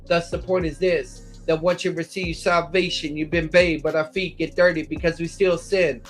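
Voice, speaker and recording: Higher-voiced man teaching scripture. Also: flat delivery, moderate pace, faint music behind. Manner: explanatory, cites verse numbers, occasional restarts. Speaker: Bible teacher. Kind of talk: lecture on scripture.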